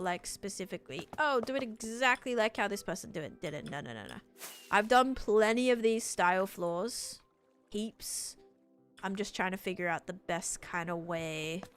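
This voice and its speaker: A young woman, chatting casually while live-streaming a game and answering chat. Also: lowish voice.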